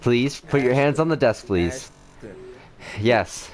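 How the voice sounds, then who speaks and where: A man's voice: mid-range voice, expressive, takes it slowly. A man gaming online, playing a mock-stern, exasperated teacher and laughing often. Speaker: gaming video host. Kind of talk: playful teacher role-play in online game chat. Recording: busy online voice chat with many players.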